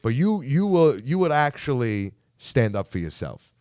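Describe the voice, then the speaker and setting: A man's voice: medium pitch, very animated, normal speed, darkish tone, no echo. A man hosting a casual interview, enthusiastic and stumbling over restarts. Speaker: podcast host. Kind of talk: casual chat.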